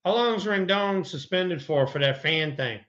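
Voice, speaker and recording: A man's voice: sits high, animated, normal speed, a bit bright, muffled recording. A middle-aged man, a former pro baseball player, chatting casually and telling colorful, profane anecdotes. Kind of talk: casual sports chat and storytelling.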